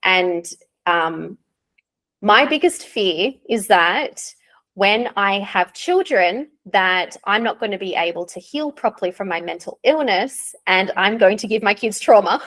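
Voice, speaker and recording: A woman's voice: mid-range voice, expressive, a little slow, fairly bright tone. A young woman with an Australian accent, an English teacher chatting candidly in an interview and laughing often. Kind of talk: casual interview chat.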